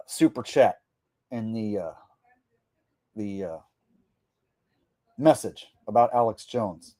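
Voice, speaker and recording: A man's voice: on the low side, darkish tone, dry recording, clean studio sound. A man, a comedian, doing live stream commentary in a boastful, profane, rambling way.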